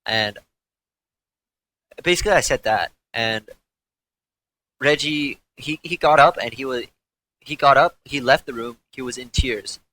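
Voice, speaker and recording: A man's voice: medium pitch, a little slow, long pauses, sharp tone, low-quality recording. A young man, a former pro gamer, recounting events in a candid interview, rambling and profane with frequent restarts.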